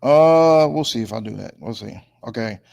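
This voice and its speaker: A man leads a casual Bible class, reading scripture slowly and deliberately before preaching loosely and colloquially, repeatedly asking listeners whether they follow. His voice is medium-pitched, creaky and darkish in tone, with lively intonation.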